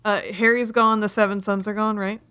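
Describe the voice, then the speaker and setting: A woman joins a casual tabletop role-playing session. She speaks in a middle register. She narrates her character's actions in an animated, chatty way. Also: mid-range voice, brisk, smooth. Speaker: player.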